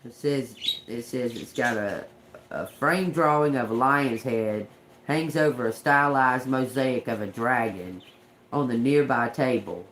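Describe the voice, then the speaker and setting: A woman's voice: very deep voice, a little hiss or hum. A woman doing a casual live tarot reading, talking loosely, restarting phrases and swearing now and then. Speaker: tarot reader.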